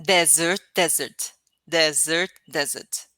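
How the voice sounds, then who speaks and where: A woman's voice: sits low, slow pace, pushed and bright, no echo. A woman learning English as a second language, speaking hesitantly over a video call and often laughing. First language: not English. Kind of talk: video-call lesson practice.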